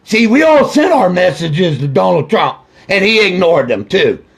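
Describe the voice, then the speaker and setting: Gravelly, angry father ranting on camera. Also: high-pitched, sing-song, moderate pace. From Ohio. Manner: angry, accusing, repetitive, swearing. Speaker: grieving father addressing officials. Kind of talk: angry direct-to-camera video rant.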